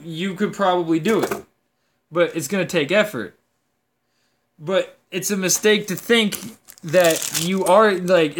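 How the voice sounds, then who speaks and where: High-voiced man ranting about games. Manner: profane, rambling, animated. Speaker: gaming video host. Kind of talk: casual rant to camera.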